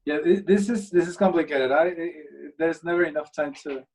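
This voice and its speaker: Casual male teacher, slightly high, far mic. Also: brisk, a little mellow. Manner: casual, encouraging, with fillers. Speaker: English teacher. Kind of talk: live online class.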